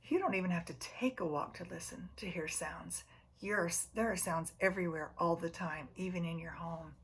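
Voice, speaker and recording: Soft-spoken preschool teacher reading aloud, low-voiced woman. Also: normal speed, a little hiss or hum. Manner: soft-spoken, often dropping to a near whisper; gently asks the children questions. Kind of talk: reading a picture book aloud to children.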